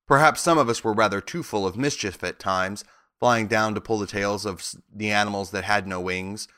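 A man's voice: fairly low pitch, moderate pace, pushed and bright, dry recording, studio quality. A man reading aloud and voicing a formal, courtly winged monkey king. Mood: storytelling.

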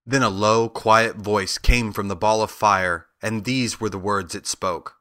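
A man narrating a children's storybook as an audiobook, in a steady, even storytelling manner. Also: on the low side, unhurried, few pauses, no room sound, studio quality.

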